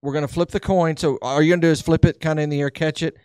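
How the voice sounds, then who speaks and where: A man hosting a radio show in casual chat, briskly explaining the rules of a game. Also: a little high, steady tone, darkish tone, clear, resonant tone, dry recording, clean studio sound. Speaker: radio host.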